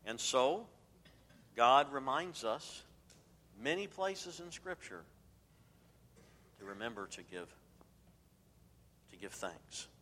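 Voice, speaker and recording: A man preaching a sermon as pastor, emphatic and swinging between loud declarations and hushed asides. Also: mid-range voice, big pitch swings, takes it slowly, pauses often, long reverb tail, slight background noise.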